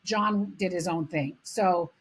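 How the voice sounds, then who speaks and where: A middle-aged woman from Canada co-hosting a podcast, telling animated stories in casual chat and swearing freely. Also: fairly low pitch, slow, husky. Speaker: podcast co-host.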